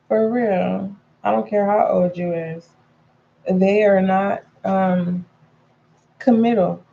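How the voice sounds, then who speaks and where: A woman's voice: medium pitch, drawn-out words, gravelly, long pauses, mellow, highs cut off, slight background noise. A woman giving a casual tarot reading to her viewers, chatty and frank, calling them pet names and repeating points for emphasis. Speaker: tarot reader.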